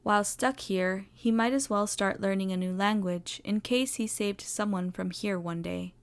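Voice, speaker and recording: A woman with a mid-range voice reads a story aloud in the second person. Her narration is expressive and animated. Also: mid-range voice, normal speed, clear, resonant tone. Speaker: story reader. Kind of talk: fan fiction audio narration.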